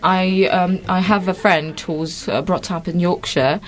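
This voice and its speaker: A woman's voice: on the low side, fairly even intonation, measured pace. A woman from Poland, chatting at length as a guest and often restarting her sentences. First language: Polish. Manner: thoughtful, talks at length with frequent restarts. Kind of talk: casual chat.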